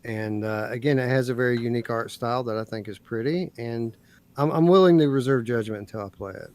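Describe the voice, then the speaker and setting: A man on a casual gaming podcast, easygoing and soft-spoken as he chats about games. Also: medium pitch, fairly quick.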